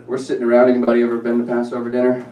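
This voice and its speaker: A man's voice: medium pitch, completely flat delivery, very fast, heavy background noise. A man doing a stand-up comedy set on stage, loose and self-mocking as he teases the crowd. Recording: live club mic, far off, roomy, crowd laughter. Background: audience laughter.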